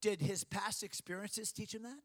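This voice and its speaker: A man's voice: high-pitched, fairly even intonation, moderate pace. A man preaching a sermon, building emphasis and acting out quoted voices. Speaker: pastor.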